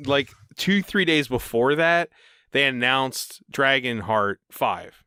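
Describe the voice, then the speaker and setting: A man hosting a casual podcast interview, enthusiastic and quick to laugh. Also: medium pitch, animated, bright, forceful tone, clean tone, no echo, studio quality. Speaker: podcast host.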